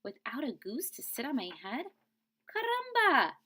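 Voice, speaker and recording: A woman voicing a flustered female farm chicken who asks shrill, agitated questions. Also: wildly swooping pitch, measured pace, bright, forceful tone, heavily acted. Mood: outraged.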